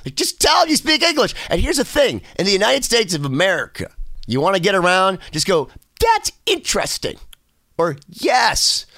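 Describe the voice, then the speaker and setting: High, lively joking man. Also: fairly quick, dry recording, clean studio sound. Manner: joking, animated, acting out voices. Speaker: podcast co-host. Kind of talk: casual podcast chat.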